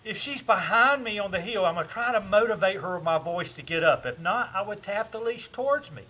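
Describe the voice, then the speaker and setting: A man, a dog trainer explaining commands while working with a dog, switching to soft praise for the dog. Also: high-pitched, expressive, fairly quick. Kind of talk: casual demonstration. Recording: faint background noise.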